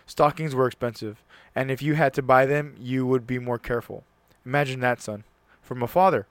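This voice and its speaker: Smooth and mid-range, this man's voice carries a solo talk show with no echo. He chats casually, then reads a passage aloud earnestly, sometimes faltering and restarting a word.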